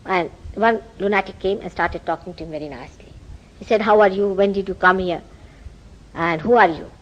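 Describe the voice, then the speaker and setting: A woman's voice: mid-range voice, brisk, highs cut off. A woman with an Indian accent giving a spiritual lecture, telling stories and acting out quoted dialogue. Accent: Indian English. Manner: animated storytelling, acts out quoted dialogue. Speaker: spiritual teacher.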